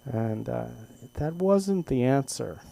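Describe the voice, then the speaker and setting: An older man at an open mic, telling a rambling, self-deprecating personal story with halting restarts. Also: medium pitch, animated, gravelly, mellow. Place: comedy club stage.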